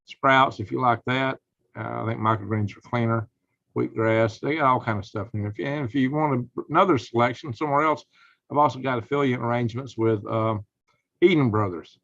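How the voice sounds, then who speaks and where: A man's voice: mid-range voice, dry recording. Man with drawl, live-stream host, folksy rambler, dry muffled mic. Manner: folksy, rambling, gets heated and loud when indignant. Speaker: prepping channel host.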